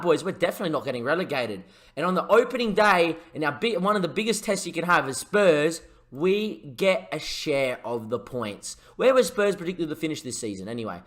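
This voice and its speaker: A man doing excitable mock football commentary over a video game, shouting when goals go in and chatting to his viewers in between. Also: mid-range voice. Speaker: gaming YouTuber.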